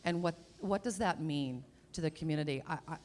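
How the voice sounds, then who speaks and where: A woman serving as mayor, speaking at a public panel in a measured, reflective way, often posing questions. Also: low-pitched, a little mellow, a little hiss or hum. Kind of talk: panel discussion remarks.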